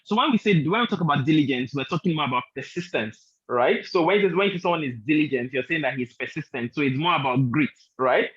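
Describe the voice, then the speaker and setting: A man's voice: on the high side, animated, a little fast, fairly bright tone, slightly rough, highs cut off. A man answering as a guest, reflecting on his own work, restarting phrases as he builds each point.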